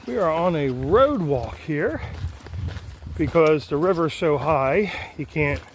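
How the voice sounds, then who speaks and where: Slow and expressive, this man's voice sits on the high side, with a bit of background noise around it. He narrates a casual trail vlog on a rural road walk during his thru-hike, chatting away and cooing at animals in a sing-song tone.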